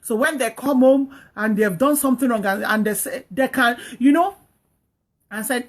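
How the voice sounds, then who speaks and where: Woman host, higher voice, earnest and preachy, repeats her points. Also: moderate pace. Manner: earnest, repetitive, exhorting. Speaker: host giving marriage advice. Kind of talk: preachy advice talk.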